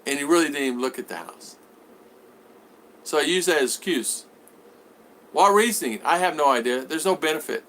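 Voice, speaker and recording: A man chats casually on a home livestream. His voice is bright and forward, and he reads comments aloud, then answers them. He rambles, restarts his sentences and repeats his words. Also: on the high side, animated, moderate pace, pauses often. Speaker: vlogger reading live chat.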